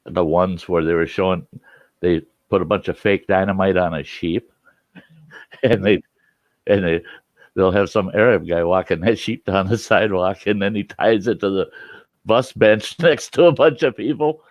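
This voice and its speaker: A man telling a funny story in casual chat, animated, laughing often and swearing freely. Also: low-pitched, moderate pace, no room sound, dull audio.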